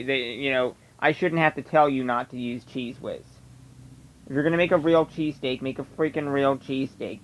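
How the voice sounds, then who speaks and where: A man with a Delco accent, the Philadelphia-area sound, delivers a blunt, opinionated rant to his viewers. His pitch sits right in the middle for a man. He talks casually and emphatically, with no polish. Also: rough recording. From Delaware County, Pennsylvania. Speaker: vlogger. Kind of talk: casual ranting monologue.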